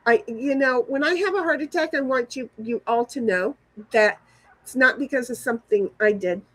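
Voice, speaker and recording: A woman's voice: sits high, normal speed, fairly bright tone, dry recording, low-quality recording. A woman vlogger angrily venting to her viewers, swearing and repeating herself as she rants. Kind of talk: angry venting to camera.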